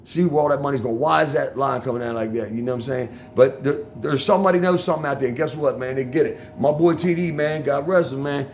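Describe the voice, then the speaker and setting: A man's voice: medium pitch, fast, gravelly, few pauses, a little hiss or hum. An older man with a Washington DC accent, rambling casually to viewers about betting, swearing freely and dropping "man" and "y'all" into nearly every line. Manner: rambling, profane street talk with constant "man" and "y'all". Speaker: vlogger talking to viewers. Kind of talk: casual storytelling monologue. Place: outdoors on a street corner.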